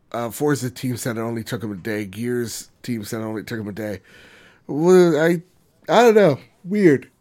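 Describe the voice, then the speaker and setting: A man's voice: mid-range voice, darkish tone. A young man co-hosting a casual gaming news chat, joking and sarcastic, swearing freely. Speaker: co-host.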